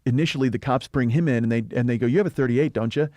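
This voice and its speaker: A man co-hosting a casual film podcast, fast and animated, acting out lines and swearing freely. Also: medium pitch, no echo. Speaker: podcast host. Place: podcast studio. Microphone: studio mic.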